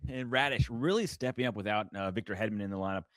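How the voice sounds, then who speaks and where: A man co-hosting a podcast in casual sports chat, steady and stat-driven. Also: fairly low pitch, fast, no echo, clean studio sound. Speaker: podcast co-host.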